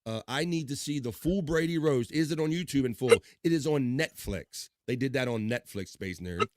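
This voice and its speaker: A man's voice: mid-range voice, animated, normal speed, darkish tone, dry recording, clean studio sound. A man hosting a livestream, chatting casually, reading out chat and joking with rambling, profane asides. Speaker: livestream host.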